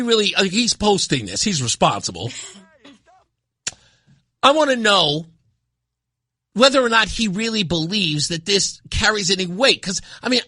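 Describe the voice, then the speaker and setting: A man's voice: high-pitched, pushed and bright, no echo, clean studio sound. A man hosting a political talk radio show, speaking in an indignant, emphatic way and often repeating himself.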